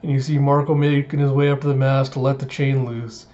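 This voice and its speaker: A man's voice: mid-range voice, little pitch movement, a little fast, a little mellow. A man casually recapping a comic chapter as a reviewer. He swears now and then and makes sound effects. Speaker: manga reviewer. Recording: dull lo-fi audio.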